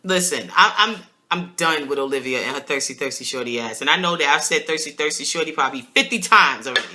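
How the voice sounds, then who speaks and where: Over some background noise, a deep-voiced woman talks fast while hosting a laid-back TV review show. Her New York accent comes through as she delivers slangy, opinionated takes with lively laughter.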